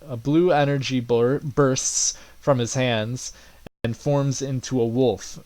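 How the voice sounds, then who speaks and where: A man's voice: mid-range voice, steady tone, measured pace, darkish tone, no echo. A man narrating a tabletop game as game master, in loose speech full of fillers and small chuckles.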